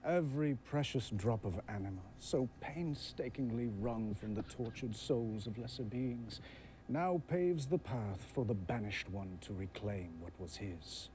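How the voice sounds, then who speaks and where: A man's voice: medium pitch, animated, measured pace, mellow, a little hiss or hum, lightly acted. A man voicing a cruel, grandiose male vampire lord with theatrical delivery.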